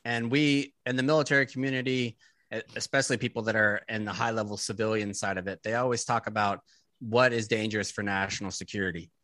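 Blunt, profane man with a bright voice. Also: fairly low pitch, steady tone, fast talker, dry recording, clean studio sound. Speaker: podcast co-host. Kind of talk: casual political discussion.

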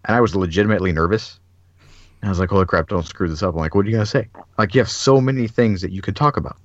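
Very deep-voiced man telling a story. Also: very fast, dry recording, dull audio. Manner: animated storyteller, many "like" fillers, acts out quotes. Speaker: podcast host. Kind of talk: casual chat.

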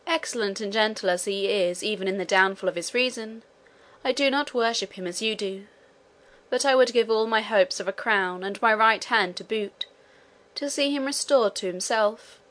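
A woman's voice: medium pitch, normal speed, a bit bright, close to an everyday voice. A woman reading the lines of a proud, ambitious young nobleman in an audiobook, with a haughty, grandiloquent delivery. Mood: grave.

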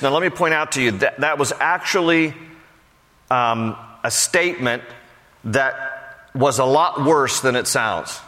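Bright-voiced preacher in an echoing hall. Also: male voice, medium pitch, unhurried. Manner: conversational, with frequent fillers and restarts. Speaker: pastor. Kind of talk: sermon.

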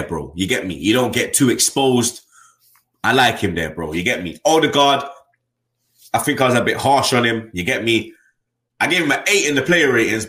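Guy going off about football, slangy and blunt, lowish voice, bright tone. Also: reverberant. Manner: blunt, slangy, keeps adding "you get me". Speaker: football fan channel host. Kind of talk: casual chat.

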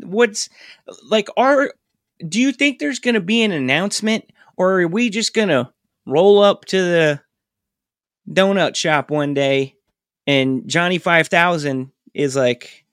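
A man co-hosting a casual podcast, telling stories with animated, self-mocking energy. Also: high-pitched, a little slow, smooth, no room sound, studio quality. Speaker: podcast co-host. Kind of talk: casual chat.

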